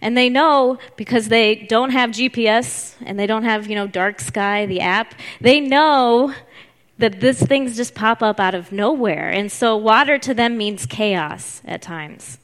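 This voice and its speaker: Animated woman preaching a sermon. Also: a little high, measured pace. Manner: animated storytelling, acts out voices.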